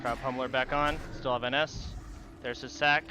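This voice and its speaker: A man's voice: medium pitch, steady tone, normal speed, background noise. A male streamer commenting on his own game as he plays, muttering and swearing in frustration.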